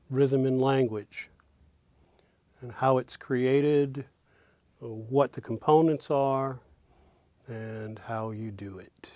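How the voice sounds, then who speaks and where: A man teaching a lesson on speech rhythm, speaking slowly and deliberately and demonstrating words as he goes. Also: medium pitch, darkish tone, dry recording, clean studio sound. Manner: slow, deliberate, demonstrative delivery.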